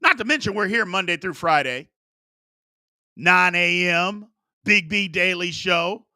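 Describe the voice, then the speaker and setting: A chatty man in his forties runs a live sports talk show, reading viewer questions and riffing on them. His voice sits high and sounds very bright and sharp. The sound is dry, with almost no room around it. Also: measured pace, no room sound. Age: 40s. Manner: animated, chatty, reads viewer questions aloud.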